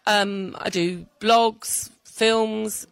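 A woman's voice: mid-range voice, fairly even intonation, very slow, vocal fry, clear, resonant tone, dry recording, rough recording. A middle-aged woman stand-up comedian chatting in an interview, laughing often. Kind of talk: casual interview. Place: outdoor festival.

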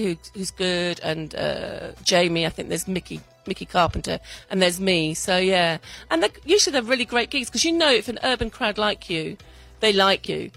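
A woman's voice: mid-range voice, gravelly, fairly bright tone, no echo, low-quality recording. A middle-aged woman stand-up comedian chatting in an interview, laughing often. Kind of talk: casual interview. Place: outdoor festival.

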